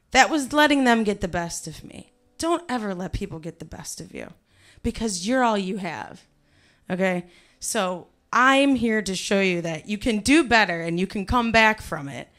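A woman from Cleveland telling her life story to a live audience, profane and animated, swinging from quiet, low asides to shouted punchlines. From Cleveland, USA.

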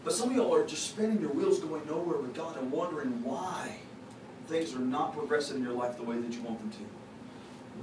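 A pastor with a fairly high voice talks quickly, giving his congregation a folksy, conversational sermon full of confessions and playful teasing of people in the pews. The church sanctuary recording is echoey, distant, and noisy.

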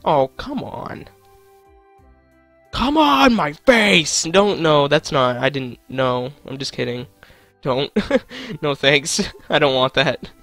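A man's voice: a little high, sing-song, slow, bright, forceful tone, dry recording, soft background music. A young man commentating his own gameplay, joking to himself and swearing at the game. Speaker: gaming channel host.

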